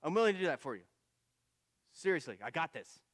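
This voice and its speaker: A preacher puts on a pushy, boastful young warrior, talking higher and excitedly in a bare, close voice. The figure brags and presses hard for his plan. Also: brisk, no echo. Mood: eager. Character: eager young male warrior, itching to strike.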